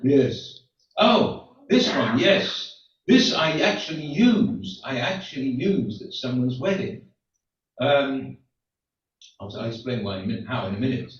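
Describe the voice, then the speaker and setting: A man's voice: mid-range voice, animated, unhurried. An older man, a rabbi, telling jokes to his congregation in a rambling, chatty way with asides. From outside the United States. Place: synagogue hall. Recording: echoey hall, distant, dull room mic.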